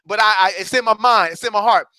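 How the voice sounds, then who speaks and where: Guy preaching motivation, tells stories, high bright voice, super dry close mic. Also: fast, dry recording. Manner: storytelling, acts out quoted voices; emphatic, repeats words for effect. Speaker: motivational speaker. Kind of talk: motivational talk to an audience.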